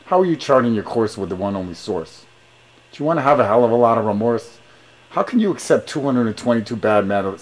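A man with a fairly low voice talks on a phone call in a rhyming, preachy, sing-song patter. He is pushy and grandiose, piling up rhymes in long run-on sentences as if giving a sermon. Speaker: caller.

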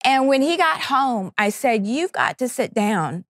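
A woman's voice: high voice, lively intonation, measured pace, a bit bright, no room sound, clean studio sound. A middle-aged woman, a network co-founder, giving an earnest, fervent personal testimony that halts and restarts as she acts out her prayers. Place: television studio.

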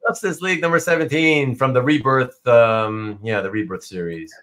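Relaxed male host walking a guest through a collection over a call. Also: medium pitch, normal speed. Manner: relaxed, laughs easily, explains patiently. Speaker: show host. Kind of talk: casual chat about comic art.

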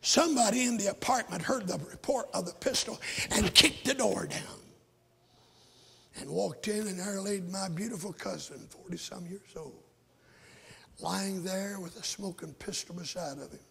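A raspy older man preaches, telling his story in a fervent sermon that swings from shouts to hushed whispers. His voice sits high and gravelly, with a husky edge. It rings out in a hall with a long echo. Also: moderate pace. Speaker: pastor. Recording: echoey hall.

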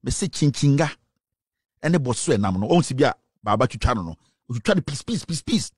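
A man's voice: medium pitch, very animated, fairly quick, a little mellow, slightly rough, dry recording, clean studio sound. Scornful Ghanaian man ranting. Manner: scornful, insulting, mocking laughter. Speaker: political commentator. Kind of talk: commentary rant.

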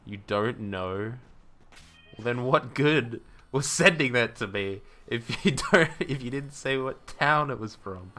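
Animated, swearing game streamer man. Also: medium pitch, takes it slowly. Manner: swears freely, laughs often, bursts into loud outrage. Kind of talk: casual gameplay commentary.

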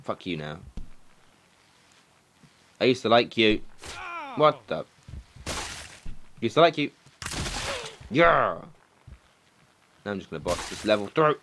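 A young man doing let's play commentary, excitable and swearing, shouting at the game. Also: lowish voice, takes it slowly, pauses often, slight background noise. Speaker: gaming commentator.

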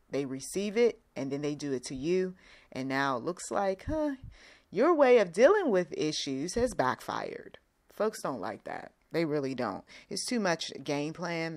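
A woman with a somewhat low voice talks casually to her listeners about relationships. Her tone is conversational and lively. She slips into brief quoted voices to make her points. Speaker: host.

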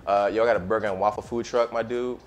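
A man from the United States cooks on a live stream and chats casually in slang with his audience. He talks fast in a voice on the low side with fairly even intonation; the highs are cut off and faint music plays behind.

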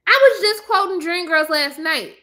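A young woman chatting casually to her viewers, blunt and sassy, ranting with animated emphasis. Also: very high-pitched, moderate pace. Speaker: movie commentator.

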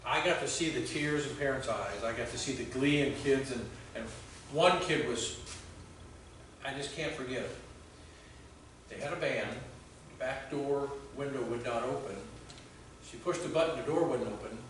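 A male pastor giving a conversational sermon, telling stories with halting restarts. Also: medium pitch, fairly bright tone, slight background noise. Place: church sanctuary. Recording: very echoey church hall from far off.

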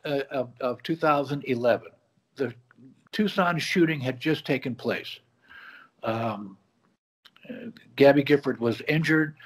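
A man guest on a video call from his home office, telling a story and acting out the quoted dialogue in it. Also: medium pitch. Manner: animated, acts out quoted dialogue. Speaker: guest, bar magician. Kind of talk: conversational storytelling.

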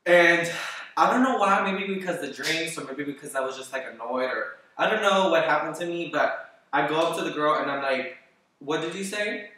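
Man, vlogger, casual rambling storytelling, lots of filler and swearing, bright voice, far from the mic, very echoey room. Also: a little high, brisk. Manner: rambling and animated, heavy "like" and swearing.

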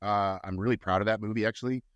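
A man's voice: lowish voice, quick pace, no room sound, lo-fi sound. A middle-aged male actor, a guest, telling stories in a casual interview and acting out the quotes. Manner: animated storyteller, acts out quotes.

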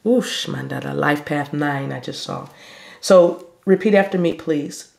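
Woman spiritual reader, gravelly texture, slow soothing meditation delivery. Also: low voice, darkish tone. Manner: slow, soothing, drawn-out phrasing. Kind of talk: spiritual talk and guided meditation.

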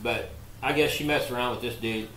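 A man's voice: medium pitch, fairly even intonation, fairly quick, fairly bright tone. A man on a podcast telling a long, crude story in a rambling way, full of profanity and "like". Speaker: podcast co-host. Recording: echoey room with faint noise.

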